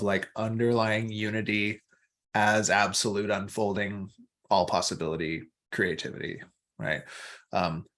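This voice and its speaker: Man, casual qigong teacher, rambling, playful, online class mic. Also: on the low side. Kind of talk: casual teaching over a video call. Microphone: external microphone on a video call.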